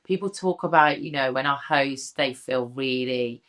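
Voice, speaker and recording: A woman's voice: rumbling low, normal speed, a bit bright. A woman from the UK, a drag performer and interview guest, talking in an earnest, heartfelt and self-deprecating way. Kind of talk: casual interview chat.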